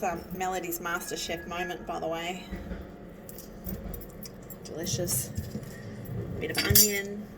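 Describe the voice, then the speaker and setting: In her home kitchen, a vlogger with a lowish voice chats and rambles as she cooks, interrupting herself and getting teary and sniffly from cutting onions. The mic is distant, and cutlery and dishes clatter loudly in the background.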